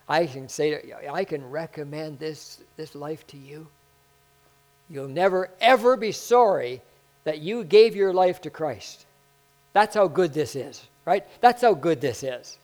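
A man preaching a sermon in an excitable way that swells into loud bursts, then leading a spoken prayer. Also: a little high, poor audio. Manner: prays aloud.

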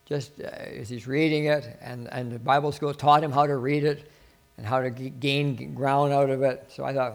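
A man preaching an informal sermon to a small group, earnest and rambling, with many restarts, dropping his voice softly whenever he quotes a prayer. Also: medium pitch, steady tone, normal speed, vocal fry. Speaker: pastor.

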